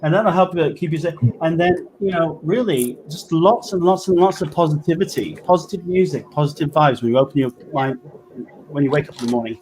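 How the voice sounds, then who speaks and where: A man's voice: on the high side, darkish tone, low-quality recording. A man with a West Country English accent, a guest medium talking in a casual interview, full of fillers and restarts. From England. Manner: halting, many fillers and restarts.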